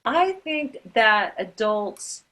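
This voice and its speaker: A woman's voice: a little high, lively intonation, very slow, sharp tone, low-quality recording. A woman co-hosting a writers' podcast in a casual chat, talkative and given to fillers and laughter. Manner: chatty, laughs often, hesitant fillers. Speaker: podcast co-host.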